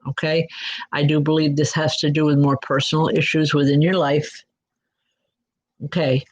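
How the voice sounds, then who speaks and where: A woman working as a psychic medium, giving spirit readings in a gentle, reassuring way and speaking straight to listeners by name. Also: low voice, level tone, normal speed. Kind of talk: live spirit readings and announcements. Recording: dull lo-fi recording.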